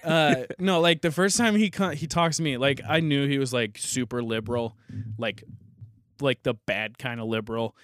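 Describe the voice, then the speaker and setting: A man's voice: mid-range voice, moderate pace, fairly bright tone, dry recording. A man co-hosting a casual podcast chat, telling rambling stories with crude humor and constant restarts. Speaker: podcast co-host.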